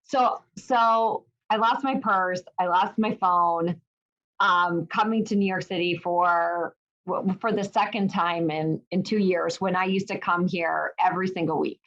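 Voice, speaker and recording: A middle-aged woman, a guest, telling a personal story in a lively, animated way with many restarts. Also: on the low side, a little slow. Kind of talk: casual storytelling in an interview. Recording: dull lo-fi sound.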